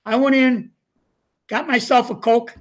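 A man's voice: very high voice, fairly even intonation, measured pace. An older man spins folksy stories from his coaching days, chuckling as he goes. He slips into quoted back-and-forth dialogue and keeps the tone easygoing and conversational. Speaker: retired coach, interview guest. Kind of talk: casual storytelling.

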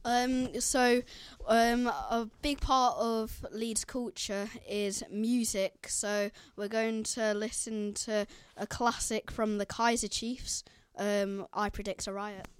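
A woman's voice: on the high side, slow, few pauses, clear, resonant tone, no echo. A woman hosting a community radio show, introducing guests and songs in a friendly, informal way with frequent "um" fillers.

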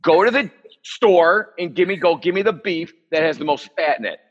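A man's voice: a little high, normal speed, slightly rough, muffled recording. A man leading a live cooking demo as the chef, chatty and joking, with rambling asides.

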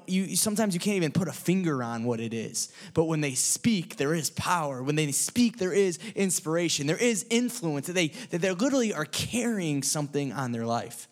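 A man preaching a casual, energetic sermon to a church group, joking with the crowd and building to loud, emphatic peaks. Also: a little high. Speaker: church speaker.

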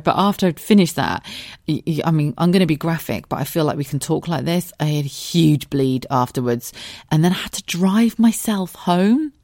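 A woman's voice: low voice, lively intonation, brisk, a little mellow, no echo, clean studio sound. A woman hosting a podcast, telling her own story in a frank, sweary, conversational way. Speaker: podcast host. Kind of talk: candid personal monologue.

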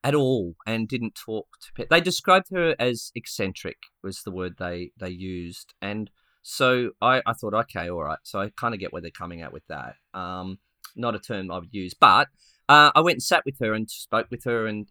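A man co-hosting a podcast, telling a story in a lively, casual way with many restarts and acted-out quotes. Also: fairly low pitch, moderate pace, no echo, studio quality. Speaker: podcast co-host.

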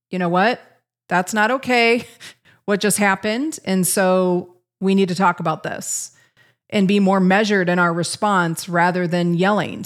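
Candid middle-aged woman podcast host. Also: mid-range voice. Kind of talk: casual podcast talk.

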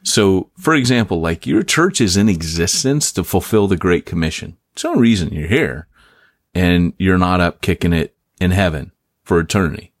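A man with a low voice co-hosts a casual podcast, swinging his pitch all over as he jokes and laughs. The sound is dry and close. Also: normal speed, dry recording. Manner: animated, joking, laughs often. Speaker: podcast co-host and author. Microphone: remote call.

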